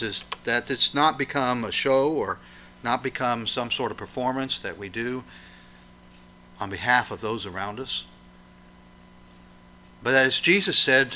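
A man delivering a sermon with a very bright, ringing tone. He preaches emphatically, firing questions at his listeners and letting his voice rise and fall to drive points home. His pitch sits in an ordinary middle range. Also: slight background noise.

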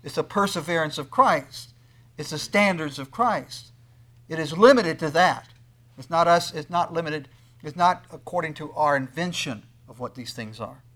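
A man preaching a sermon, swinging between loud emphatic lines and quiet asides, and acting out the voices of the people he quotes. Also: fairly high pitch, animated, moderate pace. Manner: acts out quoted speakers in conversational tones. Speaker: pastor.

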